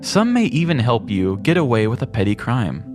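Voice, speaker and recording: A man's voice: medium pitch, moderate pace, over music. A man co-hosting a podcast, chatting casually and retelling funny stories, acting out the quotes as he goes. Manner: relaxed storyteller who acts out quotes. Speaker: podcast co-host. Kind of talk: casual chat, retelling a story.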